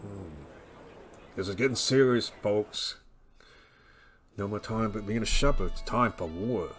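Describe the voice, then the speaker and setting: A man's voice: fairly low pitch, measured pace. A man casually chatting through a game walkthrough, rambling with frequent restarts. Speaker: gameplay commentator. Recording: voice over game music.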